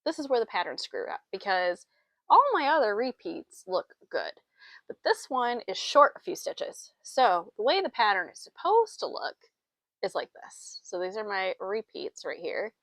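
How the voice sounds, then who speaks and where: A woman's voice: mid-range voice, very animated, moderate pace, a bit bright, no room sound. Woman rambling about her knitting, kinda breathless, laughs a lot, dry close sound. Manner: chatty, laughs often, self-deprecating. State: a bit out of breath. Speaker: knitting podcast host. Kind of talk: casual chat. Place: small farm with sheep.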